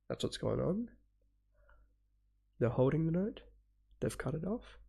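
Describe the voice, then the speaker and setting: A man's voice: fairly high pitch, expressive, moderate pace, gravelly, pauses often. A man streaming a live reaction while he is getting over a cold, so his voice comes out stuffy and sniffly. He talks in a loose, rambling way, with laughs, a casual swear or two, and short bits of humming. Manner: hums parts aloud.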